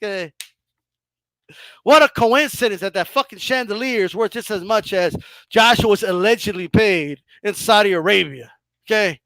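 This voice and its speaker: A man hosting a casual boxing talk show, ranting in an animated, profane and mocking way. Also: sits high, normal speed, gravelly, no echo. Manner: animated, profane, mocking, frequent laughs and "bro". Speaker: boxing commentator host.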